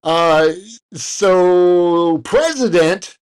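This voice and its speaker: A man's voice: sits high, lively intonation, extremely slow, smooth. A man co-hosting a casual podcast, rambling through news with fillers, restarts and jokey asides. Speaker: podcast co-host. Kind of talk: casual chat.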